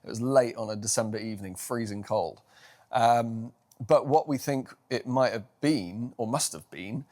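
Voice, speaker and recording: A man, hosting a casual car vlog outdoors and telling the story behind the vehicle in a chatty, enthusiastic way. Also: on the low side. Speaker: car vlogger.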